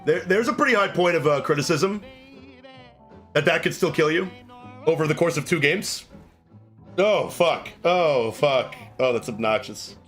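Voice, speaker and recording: A man's voice: on the high side, lively intonation, moderate pace, a bit bright, faint music behind. A man streaming a game live, swearing in frustration and chatting with his viewers. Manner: profane, exasperated, chatting with viewers. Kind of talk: live gameplay commentary.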